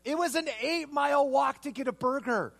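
A man preaching a sermon, telling a personal story with animated energy and asking his listeners rhetorical questions. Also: extremely high pitch, moderate pace, gravelly. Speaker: pastor.

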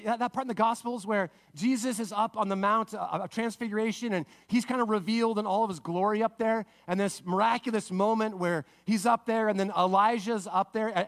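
A man preaching a sermon to parents, telling a story with lively acted-out voices and dropping to a soft, low tone for emphasis. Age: adult parent. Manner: animated storytelling, acting out characters with big pitch swings. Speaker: pastor.

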